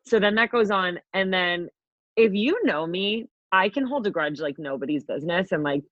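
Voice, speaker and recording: A young woman co-hosting a podcast, telling a story in a brash, profane, animated way. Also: on the low side, normal speed, dry recording, lo-fi sound. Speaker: podcast co-host. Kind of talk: casual storytelling chat.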